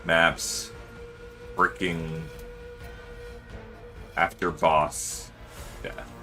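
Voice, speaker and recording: A man with a low, level voice chats casually on his stream, drawing out his words with a sharp edge to his tone. He rambles, using plenty of fillers and swearing freely. Soft music runs in the background.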